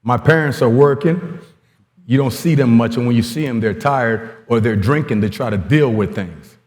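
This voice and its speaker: A man in his forties giving an animated storytelling talk at a coaching conference, acting out quoted dialogue as he goes. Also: mid-range voice, normal speed. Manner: lively storyteller who acts out quoted dialogue. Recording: long hall reverb.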